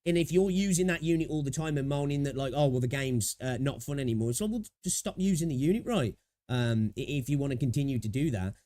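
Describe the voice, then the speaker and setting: A man livestreaming casual commentary as he reacts to a video. He thinks out loud, rambles, laughs easily, and keeps checking in with "right?". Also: medium pitch, lively intonation, quick pace.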